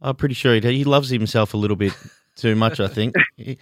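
A man's voice: mid-range voice, brisk, no room sound. Joking man in a dry-sounding chat. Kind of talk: casual chat.

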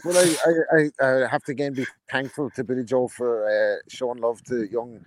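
A man's voice: medium pitch, fairly even intonation, normal speed, rough recording. A man co-hosting a boxing podcast, ranting bluntly and swearing often. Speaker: podcast co-host. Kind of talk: casual boxing chat.

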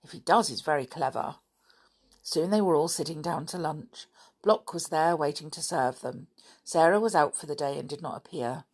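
A woman reading a children's novel aloud as a podcast storyteller, in a steady, expressive way. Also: low-pitched, normal speed, slightly rough.

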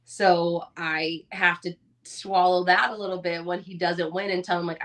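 Candid, animated mother of four. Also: fairly low pitch, moderate pace. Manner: candid, animated storytelling with mild swearing. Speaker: podcast co-host. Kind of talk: casual chat.

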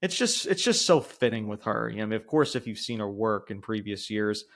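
A man co-hosting a casual wrestling podcast, rambling and swearing, laughing often and pushing his voice up high when he gets worked up. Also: expressive, fairly quick, vocal fry, a bit bright. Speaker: podcast co-host.

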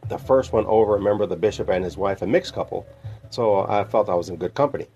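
A man from northern Illinois, a podcast host telling his personal faith story in a reflective, heartfelt way with pauses. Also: on the low side, darkish tone, faint music behind. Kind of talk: personal testimony.

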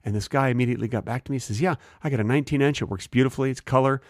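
A man co-hosting a podcast in casual comedic chat, deadpan and playfully absurd, with wide pitch swings. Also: rapid-fire, no room sound, clean studio sound. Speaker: podcast co-host.

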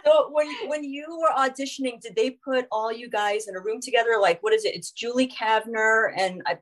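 A woman's voice: on the high side, fairly quick. A woman hosting an interview asks curious, chatty questions that are full of fillers. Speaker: interview host. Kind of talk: casual interview chat.

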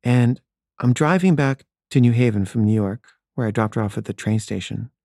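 A man tells a personal story in a candid, wry, conversational way. His voice is mellow and relaxed, and it sits at an everyday middle pitch. The sound is dry and close, with little room echo. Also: normal speed, creaky.

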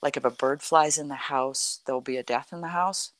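Middle-aged woman with a deep low voice telling a story, lots of likes and you knows, dry sound. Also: brisk, dry recording. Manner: animated, acts out quoted dialogue, frequent "like" and "you know". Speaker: guest telling a personal story. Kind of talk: conversational storytelling.

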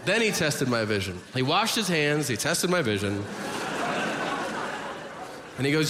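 A middle-aged man doing stand-up, telling a story deadpan and acting out both sides of the conversation. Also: medium pitch, moderate pace, long pauses, background noise. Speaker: stand-up comedian. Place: large hall on stage. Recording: echoey hall, loud room ambience.

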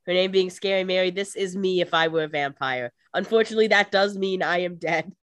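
A woman co-hosts a casual podcast with a slightly low voice, tossing in wry jokes and quick quips. The sound is dry and close, with no room around it. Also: dry recording. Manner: joking asides, quick quips. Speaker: podcast co-host. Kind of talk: casual chat.

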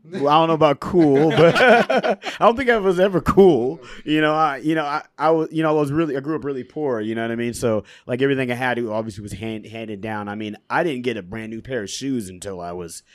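A relaxed man chatting as a guest on a podcast, rambling through stories full of "you know" and "like" and breaking into laughter often. His voice sits at an ordinary middle pitch and sounds close and dry, with no room sound around it. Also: quick pace, few pauses, no room sound. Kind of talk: casual storytelling interview.

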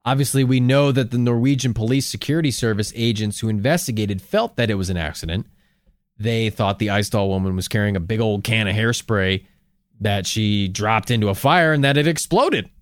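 A man's voice: lowish voice, fairly quick, no room sound, studio quality. A man co-hosting a casual podcast in a laid-back bantering way, with plenty of fillers. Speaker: podcast co-host. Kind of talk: casual joking podcast chat.

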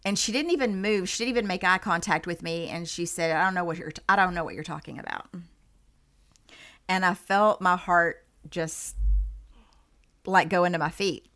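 Animated woman telling a story. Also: fairly low pitch, normal speed. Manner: animated storyteller, acts out quoted dialogue. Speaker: medium, podcast guest. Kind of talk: storytelling in a podcast interview.

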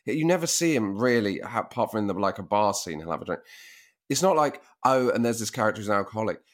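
A man's voice: lowish voice, expressive, quick pace. A man co-hosting a podcast, making wry, sarcastic remarks and swearing casually. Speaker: podcast co-host. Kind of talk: casual film review chat.

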